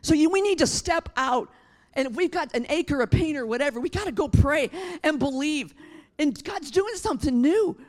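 A middle-aged woman preaching a sermon, impassioned and emphatic, rising to shouts and then dropping quiet and tearful. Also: high-pitched, animated, normal speed. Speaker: pastor.

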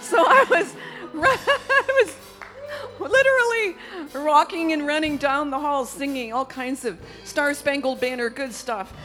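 High-voiced woman preaching, slow and exuberant. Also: soft background music. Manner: exuberant, laughing, shouting praise between calm stories. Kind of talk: charismatic sermon.

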